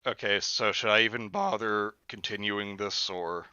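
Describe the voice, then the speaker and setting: A man's voice: fairly low pitch, fairly even intonation, moderate pace, pushed and bright, clean tone, dry recording. A man hosting a late-night stream, chatting in a laid-back, wry way. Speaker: streamer reading a book. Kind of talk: casual stream chat. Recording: dry, lo-fi stream audio.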